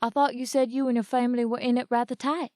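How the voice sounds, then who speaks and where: A woman's voice: on the high side, little pitch movement, quick pace, a little mellow, no room sound, studio quality, lightly acted. A woman reading aloud, voicing a headstrong young man who speaks up in a strained, pleading tone. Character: headstrong young male farm boy, 24.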